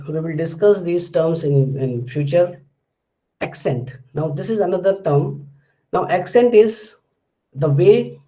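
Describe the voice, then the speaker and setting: A man's voice: a little high, mellow, muffled recording. A male lecturer explaining things step by step, repeating his words and examples with frequent fillers. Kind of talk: recorded lecture.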